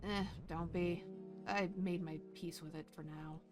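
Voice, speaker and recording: A woman's voice: lowish voice, steady tone, unhurried, music in the background, close to an everyday voice. Woman reading as a fed up broke young person, blunt and sarcastic, tired. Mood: resigned. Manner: blunt, sardonic and weary. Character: bitter, worn-out young adult, broke and fed up.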